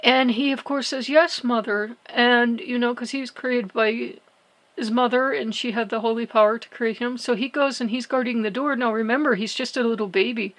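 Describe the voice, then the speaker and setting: A woman hosting her own spiritual channel, retelling a religious story in a halting way, full of fillers and restarts. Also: a little high, fairly even intonation, rough recording. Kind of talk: devotional storytelling vlog.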